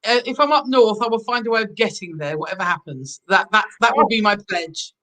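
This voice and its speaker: A woman guest on a chat show, chatty, playful and animated. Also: medium pitch, fairly quick, low-quality recording. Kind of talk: casual chat.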